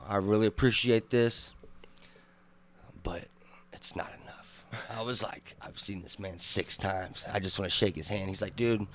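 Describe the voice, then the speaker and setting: A man, co-hosting a podcast and telling a wild story in a loud, profane, animated way. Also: deep voice, a little hiss or hum. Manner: animated, profane storytelling, acting out drunk shouts. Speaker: podcast co-host. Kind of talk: casual storytelling chat.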